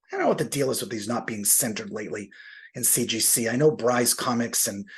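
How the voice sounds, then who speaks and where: A man with a very husky, rough-edged voice at an everyday middle pitch. He talks casually while he unboxes, thinking aloud and poking fun at himself. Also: lively intonation, a little fast. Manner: chatty and self-deprecating, thinking aloud. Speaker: comic book collector.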